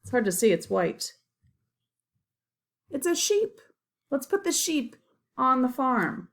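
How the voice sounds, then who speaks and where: A woman teaching young children in a slow, simple way, gentle and encouraging, naming farm animals. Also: sits high, very animated, vocal fry.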